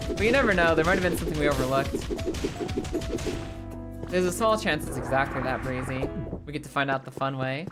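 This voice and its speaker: A woman's voice: sits low, a little fast. A woman livestreaming a game, chatting playfully with her viewers, joking and swearing freely. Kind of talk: casual gameplay commentary to a live chat. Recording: game music playing behind.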